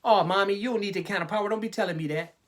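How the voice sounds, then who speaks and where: A man voicing a whiny, spoiled man-child lawmaker in a mocking, high-pitched way. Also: racing, a bit bright. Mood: whiny petulant.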